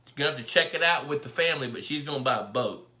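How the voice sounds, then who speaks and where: Middle-aged host, rambling live-stream storyteller, bright voice, roomy echo. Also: male voice, mid-range voice, lively intonation, very fast. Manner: rambling storyteller, greets viewers by name. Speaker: fisheries biologist hosting a live pond Q&A. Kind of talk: casual live-stream chat. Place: indoor room with his dog. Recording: echoey room.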